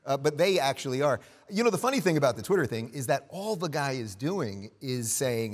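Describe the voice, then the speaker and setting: A man on a talk show panel making an earnest political argument, sometimes dropping his voice for quiet asides. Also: medium pitch, big pitch swings, a little fast, hardly any pauses. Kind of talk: casual panel chat. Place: television studio.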